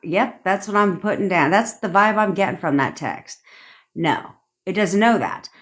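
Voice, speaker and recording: A woman's voice: mid-range voice, lively intonation, moderate pace. A young adult woman coaching viewers in a casual livestream rant, blunt and profane, acting out the thoughts she quotes. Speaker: manifestation coach.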